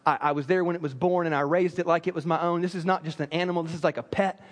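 A man's voice: fairly high pitch, steady tone, rapid-fire, voice pushed down, close to an everyday voice. A man voicing a poor man who pleads to keep his beloved sheep, earnest and subdued. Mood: pleading.

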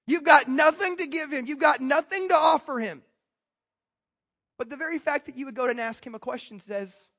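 A man delivers a sermon in a strikingly high voice. He preaches emphatically and with animation, breaking off for quick asides to the congregation. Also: fairly bright tone. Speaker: pastor.

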